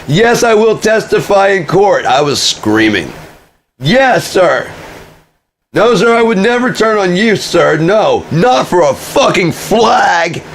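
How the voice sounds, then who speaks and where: A man's voice: sits high, big pitch swings, takes it slowly, a little hiss or hum, voice pushed up, full character voice. A man voicing a servile underling who pleads and swears loyalty to his master. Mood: groveling.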